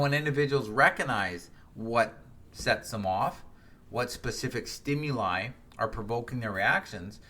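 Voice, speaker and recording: Middle-aged guy on a solo podcast, bright clear voice, chatty and reflective, keeps checking in with "right?". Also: medium pitch. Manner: conversational, frequent "right?" and restarts. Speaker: podcast host.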